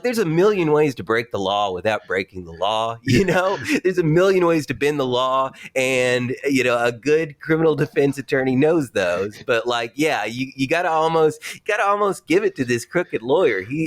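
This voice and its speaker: A man co-hosting a podcast in casual chat, rambling and hesitant, laughing often. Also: fairly high pitch. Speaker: podcast co-host.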